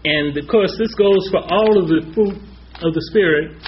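Man, sermon, higher-pitched voice, citing verses, dull recording. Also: moderate pace. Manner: cites scripture references, speaks in short phrases. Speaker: preacher. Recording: slightly dull with faint noise.

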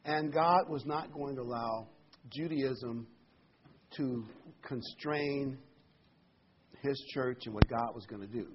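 A man's voice: mid-range voice, takes it slowly, long pauses, lo-fi sound, a little hiss or hum. A man preaching a Bible sermon in a conversational, emphatic way, his voice rising sharply on key words.

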